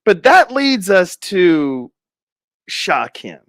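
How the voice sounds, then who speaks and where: A man's voice: sits high, very animated, drawn-out words, fairly bright tone, no room sound, studio quality. A man giving casual, rambling commentary to his viewers, laughing often and speculating. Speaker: commentary streamer.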